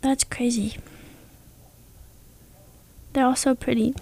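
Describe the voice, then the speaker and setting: A young woman co-hosting a radio show, chatting casually and gushing with excitement over the facts she shares. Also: on the high side, slow, long pauses, no room sound. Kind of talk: casual on-air chat.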